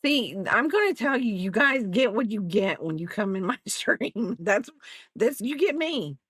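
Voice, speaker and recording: A woman's voice: a little high, animated, measured pace, a bit bright, husky, dry recording, studio quality. A woman crocheting on a livestream, chatting casually in a rambling, self-mocking way, laughing often and talking to her viewers and her dog at home. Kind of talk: casual chat while crafting on a livestream.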